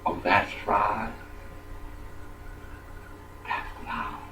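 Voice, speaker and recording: An older man in a rambling personal monologue, jumping between thoughts and swinging from muttering to loud outbursts. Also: on the low side, steady tone, drawn-out words, slight background noise, rough recording.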